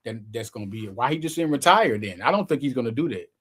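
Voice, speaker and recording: A man's voice: medium pitch, lively intonation, quick pace, a bit bright, slightly rough. A man hosting his own sports show, giving casual, slangy, emphatic commentary straight to his viewers.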